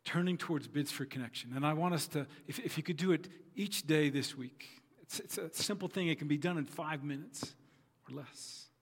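An earnest male pastor preaches in a church hall, his slightly raised voice trailing off into a long reverb. He tells his story in measured, repeated phrases, leaning on each line for emphasis. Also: fairly high pitch, slightly rough. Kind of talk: sermon.

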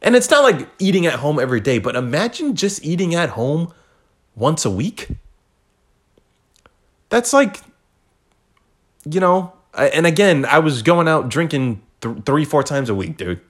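A man's voice: on the high side, very animated, unhurried, long pauses. A man hosting a podcast, rambling in a casual, profane, laid-back monologue. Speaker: podcast host.

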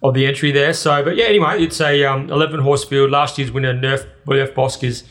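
A man's voice: mid-range voice, steady tone, a little fast, a bit bright. Easygoing Australian man previewing races. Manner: easygoing, rambling previews with fillers. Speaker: racing podcast co-host. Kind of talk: casual tipping chat.

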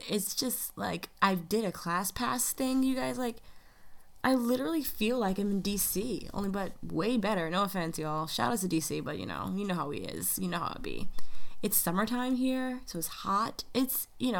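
This is an upbeat American woman hosting her own podcast. She talks in a loose, chatty way straight to her listeners and keeps calling them y'all. Her voice sits in a middling register. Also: mid-range voice. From United States. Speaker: podcast host. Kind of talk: casual podcast monologue.

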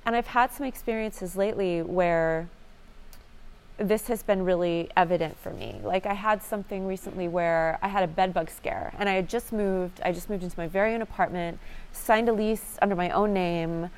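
A woman's voice: lowish voice, moderate pace, clean tone. A young adult woman sharing a personal recovery story in an earnest, reflective way, with many "like" fillers. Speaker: recovery program member sharing.

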